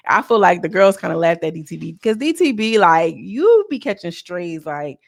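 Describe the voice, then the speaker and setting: A young woman recaps a reality show in loose, chatty talk, with a gravelly fry in her voice. She acts out the cast's lines in a heightened voice as she goes. The recording is close and dry, with no room sound. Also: lowish voice, big pitch swings, normal speed, hardly any pauses, no room sound.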